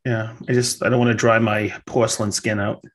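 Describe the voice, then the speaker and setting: A man's voice: fairly low pitch, flat delivery, a little fast. A man co-hosting a casual podcast, joking and interjecting. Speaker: podcast co-host. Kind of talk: casual chat.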